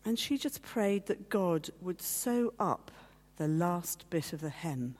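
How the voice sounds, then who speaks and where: A woman speaks to a gathering in a personal testimony, her voice low and mellow. She tells her story with feeling and slips into the voices of the people in it. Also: lively intonation, slow pace. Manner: storytelling, acting out quoted voices; heartfelt, at times teary. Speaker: guest speaker. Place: meeting hall.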